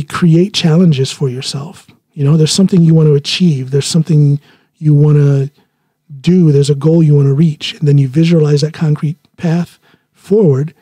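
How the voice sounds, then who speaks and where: A podcast host living in Norway delivers a casual solo monologue, rambling chattily and laughing at himself. His voice is a little high yet very dark and mellow, with a husky grain. The recording is close and dry, with no room sound.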